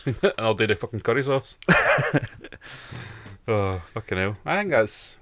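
A man's voice: fairly low pitch, big pitch swings, unhurried, a bit bright, no echo. A Scottish man co-hosting a podcast, joking and swearing in casual banter. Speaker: podcast co-host. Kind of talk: casual chat.

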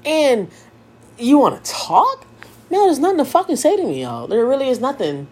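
A woman's voice: high-pitched, big pitch swings, normal speed, darkish tone, breathy edge. A young woman hosting a podcast, talking candidly and emotionally, swearing often and repeating herself as she vents. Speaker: podcast host. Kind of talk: candid personal podcast monologue.

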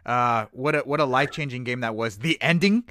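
A man co-hosts a movie podcast, chatting casually but with animated emphasis and repeating his points and phrases. His mid-range voice moves briskly, with clean studio sound and no echo.

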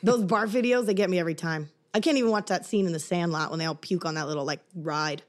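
A young woman co-hosting a podcast, chatting casually with quick, teasing reactions. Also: on the low side. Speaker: podcast co-host. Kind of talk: casual chat.

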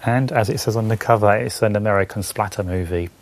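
A man giving scripted narration in a measured, dry delivery. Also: on the low side. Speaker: narrator of film segment.

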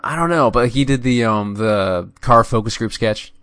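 A man's voice: medium pitch, normal speed, a bit bright. A man co-hosting a casual podcast chat, talking enthusiastically and swearing casually. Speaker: podcast co-host.

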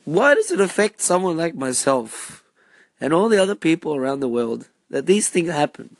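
A man giving a personal monologue, asking repeated rhetorical questions in a measured, deliberate way. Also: a little high, very animated, no room sound.

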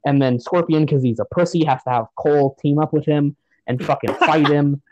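A man's voice: a little high, fairly even intonation, normal speed, a little mellow, no room sound, highs cut off. A man on a podcast giving a profane, sarcastic rant about a movie in casual chat. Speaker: podcast host.

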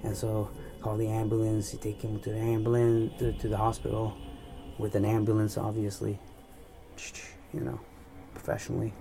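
A man's voice: on the low side, completely flat delivery, moderate pace, gravelly, music in the background. A man casually telling a long, rambling story in loose, swear-heavy chat.

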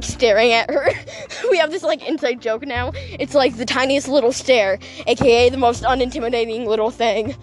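A young woman telling a casual storytime vlog while walking outdoors, chatty and gossipy, full of "like" fillers and laughing asides. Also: high-pitched. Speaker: vlogger.

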